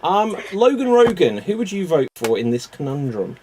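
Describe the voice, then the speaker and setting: A man's voice: a little high, very animated, normal speed, darkish tone, a little hiss or hum. A man hosting a live improv comedy stream, handing out characters and calling for audience votes, with a loose manner and frequent laughs. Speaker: improv show host.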